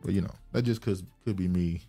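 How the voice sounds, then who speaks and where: A man hosting a casual podcast chat. He laughs often and his voice jumps up when he gets excited. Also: low-pitched, a little fast, creaky, slightly rough, faint music behind. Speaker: podcast host.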